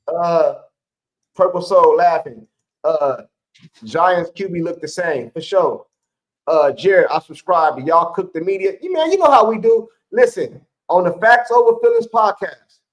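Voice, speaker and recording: A man's voice: high voice, low-quality recording. A man co-hosting a live sports stream, chatting casually in slang with his viewers and laughing often.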